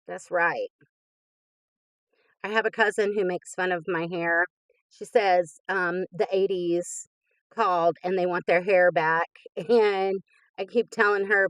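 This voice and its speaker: Enthusiastic fifty-something lady opening happy mail, talks slow and gushy, dry sound. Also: mid-range voice, steady tone, dry recording. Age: 50s. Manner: gushing and enthusiastic, frequent laughs. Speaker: crafting channel host. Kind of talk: casual chat opening mail.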